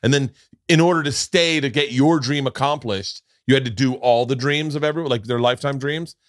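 A man hosting a podcast, telling comic stories in a casual, animated way and acting out quoted lines with big jumps in pitch. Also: a little fast, no room sound, studio quality. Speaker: podcast host. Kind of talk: casual comedic storytelling.

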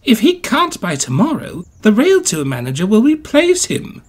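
A man voicing a kindly, patient old female railway coach in a high soothing voice. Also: wildly swooping pitch, moderate pace. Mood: gentle. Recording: music playing behind.

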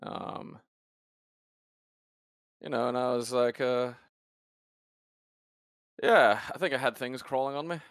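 A man's voice: medium pitch, slow pace, pauses often, a bit bright, clear, resonant tone, no room sound, studio quality. A young man co-hosting a casual podcast chat, rambling and swearing often as he trails off mid-sentence. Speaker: podcast co-host.

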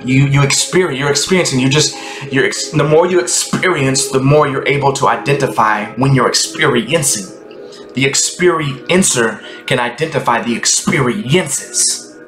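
A man giving a rambling, ecstatic spiritual monologue that sometimes drops into hushed whispers. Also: mid-range voice, moderate pace. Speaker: Christian content creator. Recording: echoey room with music behind.

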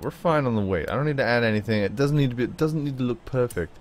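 A man's voice: quick pace, hardly any pauses, slight background noise. A man giving playful, chatty gameplay commentary, talking to his car and his viewers. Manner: playful, chatty, talks to the car and viewers, jumps into high silly tones. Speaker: gaming YouTuber.

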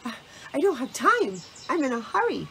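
A woman voicing a busy, hurried little male squirrel in a storybook reading, talking in a breathless, rushed way. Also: mid-range voice, animated, a little hiss or hum, close to an everyday voice.

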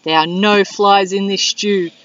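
A woman's voice: mid-range voice, fairly even intonation, a bit bright, recorded from a distance, lightly acted. A woman doing an old hissing lizard. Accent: Australian. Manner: hissing, drawn-out s sounds. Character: old hissing blue-tongue lizard, male. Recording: dull lo-fi with wind noise.

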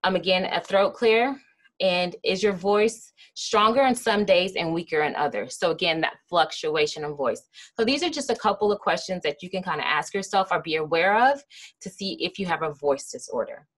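Lecturing woman, slightly low voice. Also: lively intonation, normal speed, fairly bright tone. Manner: explanatory, with frequent "um" and "kinda", acting out example phrases. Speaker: speech therapist giving a lecture. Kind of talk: educational lecture.

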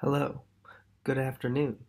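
A man's voice: medium pitch, level tone, moderate pace, gravelly, loud music behind the voice. A man from Minnesota vlogging to a handheld camera while tired and jet-lagged. He rambles, mocks himself and laughs between lines. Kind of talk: casual vlog chat to camera. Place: traveling, indoors and out.

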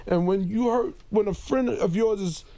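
A man speaking as a talk show guest in an earnest, halting and emotional way. His voice is gravelly and sits a little high for a man. The studio sound is close and dry. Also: mellow, no echo.

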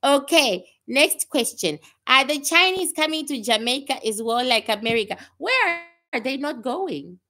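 Brash bright-voiced woman psychic. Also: high voice, measured pace. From Canada. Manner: blunt, swearing, laughing asides; animated, asks and answers itself. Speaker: psychic reader. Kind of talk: livestream psychic predictions.

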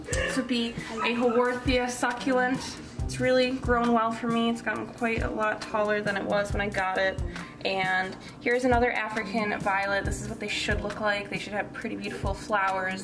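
With music in the background and a roomy, far-off sound, a young cooking show co-host walks through her houseplants. Her medium-pitched voice is steady and normally paced, and her talk is chatty, self-deprecating, and sprinkled with crude asides.

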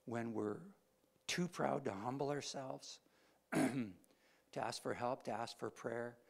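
A man preaching a sermon, retelling a scripture story with animated, swelling emphasis. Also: mid-range voice, slow, gravelly.

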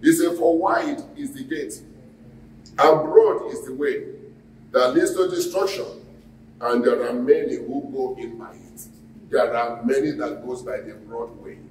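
A man's voice: fairly high pitch, a little mellow, a little hiss or hum. Man preaching call-and-response in an echoey hall. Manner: call-and-response preaching, asks the congregation questions. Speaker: pastor. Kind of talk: sermon. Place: church hall. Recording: echoey hall, mic at a distance.

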